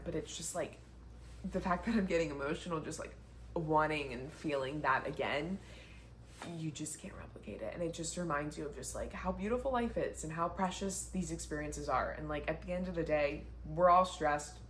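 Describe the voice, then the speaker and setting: A young woman with a low-pitched voice talks in a casual sit-down chat, chatty and heartfelt. She fills her sentences with "like". A faint hiss of noise sits behind her. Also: fairly quick. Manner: chatty and heartfelt, many "like" fillers. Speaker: vlogger, marathon runner. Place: indoors, sitting down.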